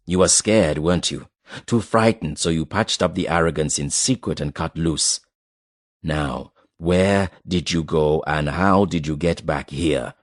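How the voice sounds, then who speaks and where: A man reading an audiobook voices a furious woman who speaks low and with contempt. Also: measured pace, no echo, clean studio sound. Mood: scornful. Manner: low, harsh, scornful. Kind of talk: audiobook character voice.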